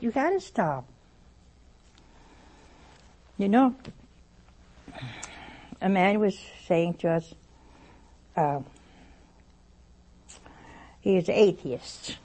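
A woman's voice: mid-range voice, vocal fry, mellow, husky. A woman speaking earnestly to a broadcast audience, telling a story and urging listeners with emphatic rises and drops. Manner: conversational, asks the listener questions. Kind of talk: earnest spoken storytelling and exhortation.

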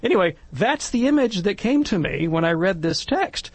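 Middle-aged male panelist, gravelly and husky, lively storyteller who acts out quotes. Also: sits high, normal speed, dry recording. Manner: animated, acts out quoted voices. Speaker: panelist in a Catholic discussion. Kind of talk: casual storytelling and commentary.

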